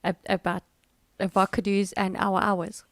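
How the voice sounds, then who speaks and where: A woman's voice: mid-range voice, flat delivery, measured pace, no echo. A middle-aged woman, hosting a casual livestream chat, rambling and laughing with fillers. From South Africa. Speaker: livestream host.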